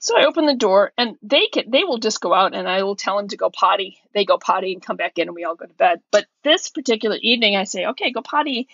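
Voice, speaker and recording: Lively woman telling a story, husky. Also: medium pitch, fast, hardly any pauses, no echo, highs cut off. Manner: animated storyteller, acts out her own yelling. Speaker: podcast co-host. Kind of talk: casual storytelling chat.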